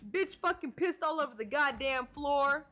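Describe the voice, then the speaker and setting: A furious male club manager shouts and curses in a high, bright, sharp-edged voice, as a woman streamer puts him on while reading aloud. His pitch stays raised and his delivery is loud, jumpy and wildly animated. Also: moderate pace. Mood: outraged. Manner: yelling, cursing.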